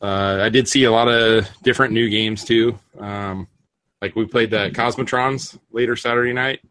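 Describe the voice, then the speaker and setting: Man, podcast host, low voice, bright tone, dry sound, casual rambling chat. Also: fairly even intonation, moderate pace, dry recording. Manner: rambling, restarts with many fillers.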